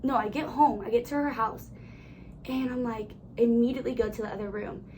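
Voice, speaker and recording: A woman's voice: fairly high pitch, a little fast, a little mellow, slight background noise, rough recording. A young woman hosting a casual podcast, telling a personal story with lots of "like" fillers. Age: young adult. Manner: chatty with frequent "like" fillers. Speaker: podcast host. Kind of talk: casual chat.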